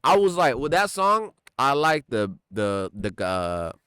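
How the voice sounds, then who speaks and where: A man's voice: mid-range voice, very animated, unhurried, pushed and bright, clear, resonant tone, dry recording, studio quality. A young man co-hosting a podcast, talking music in a laid-back, slangy way with lots of "like" and "bro". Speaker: podcast co-host. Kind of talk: casual chat.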